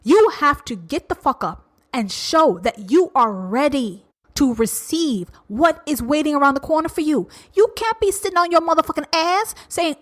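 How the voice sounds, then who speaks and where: A woman's voice: high-pitched, lively intonation, normal speed. Blunt, foul-mouthed woman podcast host. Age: 40s. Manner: blunt, profane and confrontational, swinging between loud and hushed. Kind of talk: uncensored solo podcast rant.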